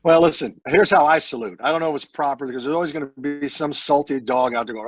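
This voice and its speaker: A veteran man in a casual interview, speaking earnestly and haltingly with many fillers and repeated words. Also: a little high, muffled recording. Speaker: military veteran guest.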